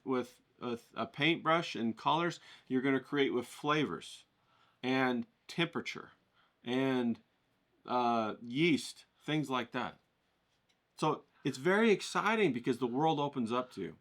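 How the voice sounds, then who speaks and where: A man teaches an art class like a motivational coach, frequently checking in with the listener. He is animated, and his pitch rises when he gets excited.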